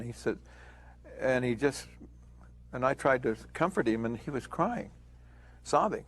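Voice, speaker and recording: An older man telling a war story as an interviewee, acting out shouted calls as he recalls them. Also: mid-range voice, expressive, normal speed, long pauses. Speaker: veteran interviewee. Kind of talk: recounted war memory.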